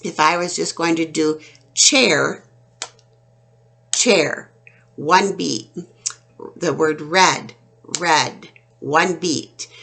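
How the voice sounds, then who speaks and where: A woman teaches a phonics lesson for children. She speaks slowly in a fairly low voice with a gravelly edge, stretching out each word as she sounds it out clearly. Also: fairly bright tone. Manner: slow, clear, drawn-out sounding out of words.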